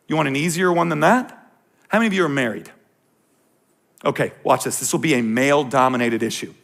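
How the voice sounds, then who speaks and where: A male pastor preaching a sermon to his congregation, swinging from hushed to shouting and slipping in joking asides. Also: mid-range voice, brisk, vocal fry, pauses often.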